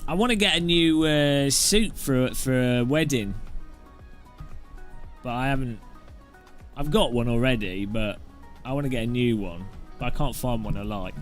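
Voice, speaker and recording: A man's voice: mid-range voice, lively intonation, normal speed, long pauses, faint music behind. A man from south-east England, chatting casually and jokily with viewers while sim racing at home. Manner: chatty, jokey, rambling. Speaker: streamer and host.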